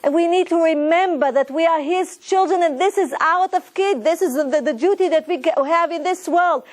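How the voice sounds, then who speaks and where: Earnest high-voiced woman teaching. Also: normal speed. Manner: earnest, preaching, retells stories with quoted voices. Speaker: Torah teacher. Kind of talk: lesson to a women's group.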